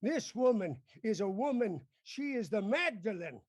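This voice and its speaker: A man's voice: high voice, big pitch swings, moderate pace, dry recording, clean studio sound. A man improvising as a pompous older senator father, blustering and scolding. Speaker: improv stage actor. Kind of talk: improvised mock-Shakespearean stage acting.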